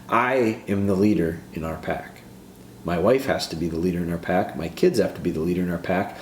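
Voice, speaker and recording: A man hosting a podcast as a dog trainer, explaining in a casual, earnest way and often restarting and repeating his phrases. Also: lowish voice. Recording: echoey room with faint background noise.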